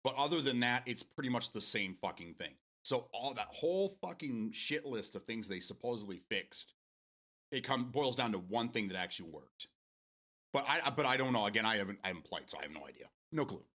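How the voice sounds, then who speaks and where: A man's voice: medium pitch, expressive, a little fast, bright, forceful tone. A man hosting a casual morning gaming talk show from his home setup, rambling with lots of restarts, swearing freely and laughing often. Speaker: show host.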